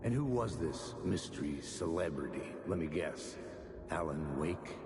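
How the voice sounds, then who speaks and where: An actor playing a gruff, terse male detective in a video game, with a gravelly, skeptical manner. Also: extremely low pitch, animated, measured pace, exaggerated voice. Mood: dry, wry. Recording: echoey cavernous game reverb.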